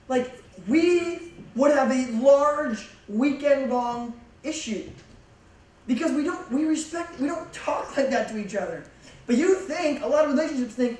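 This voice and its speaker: A man's voice: extremely high pitch, animated, moderate pace, darkish tone, slight background noise. Young man, youth pastor, casual joking sermon, echoing hall, distant mic. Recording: echoey hall from far off.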